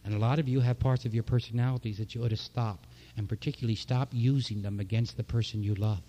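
A man's voice: mid-range voice, fairly even intonation, fast talker, warm tone. A man preaching a sermon from the pulpit, impassioned, with repeated phrases and rising emphasis. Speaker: pastor.

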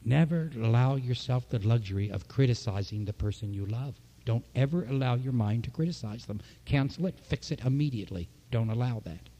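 A man's voice: medium pitch, a little fast, hardly any pauses, warm tone. A man preaching a sermon from the pulpit, impassioned, with repeated phrases and rising emphasis. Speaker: pastor.

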